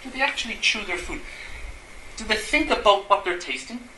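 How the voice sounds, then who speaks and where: Bright-voiced man lecturing in an echoey room. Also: high-pitched, expressive, normal speed, a little hiss or hum. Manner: asks the audience rhetorical questions, acts out everyday examples. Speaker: Gestalt therapist giving a talk. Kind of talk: lecture to a live audience. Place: room with an audience. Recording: echoey room, faint ambience.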